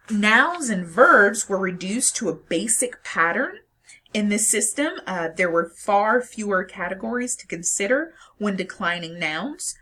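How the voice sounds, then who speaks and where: A woman lecturing in a bright, clear-toned voice with a slightly husky edge. Her pitch moves a lot as she explains step by step. She talks straight to her students and now and then corrects herself. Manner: explanatory, with fillers and self-corrections; addresses students directly. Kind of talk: recorded lecture.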